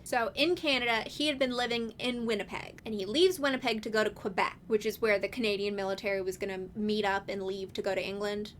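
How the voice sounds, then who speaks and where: A woman's voice: mid-range voice, brisk, hardly any pauses, fairly bright tone, slight background noise. A woman hosting a casual video essay, talking in a chatty, wry way with lots of casual fillers.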